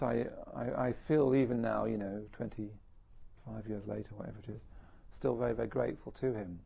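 A middle-aged man gives a reflective talk, his voice deeply gravelly with a husky, breathy edge. He muses in a self-deprecating way and is an average pitch for a man. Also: mellow. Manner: self-deprecating, chuckling often, musing. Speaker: speaker giving a talk. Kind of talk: reflective personal talk to an audience.

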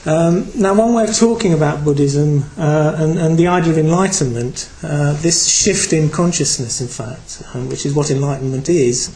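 Man, British, Buddhist teacher, dharma talk, reflective, hesitant, fillers, slightly high voice. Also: normal speed, hardly any pauses, darkish tone, low-quality recording.

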